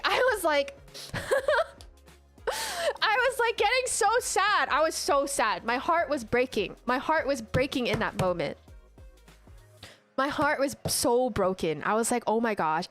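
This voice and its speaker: A young woman streamer chatting casually, telling an animated story full of "like" and restarts. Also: fairly high pitch. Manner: animated storytelling, heavy use of "like". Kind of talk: casual chat.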